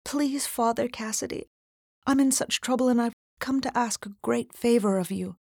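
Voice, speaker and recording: A woman's voice: mid-range voice, normal speed, dark tone, dry recording, studio quality, voice pushed up, natural voice. A woman reading aloud, voicing a timid, earnest young girl who pleads for help. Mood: earnest pleading. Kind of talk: audiobook character voice.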